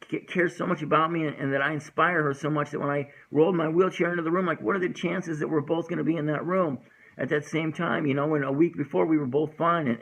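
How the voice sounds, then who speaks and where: A man's voice: a little high, a bit bright, low-quality recording. A man in his forties hosting a recovery talk show, talking earnestly in a rambling way with many restarts. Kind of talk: casual personal talk and poetry reading.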